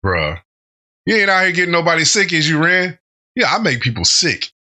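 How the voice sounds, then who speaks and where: A man's voice: on the high side, sing-song, moderate pace, bright, forceful tone. A man hosting a reaction channel, giving casual commentary and going off on rambling tangents with frequent laughter.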